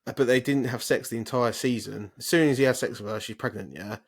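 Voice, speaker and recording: A man's voice: medium pitch, fast talker. A man co-hosting a podcast in casual chat, swearing freely and ranting off on tangents. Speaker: podcast co-host.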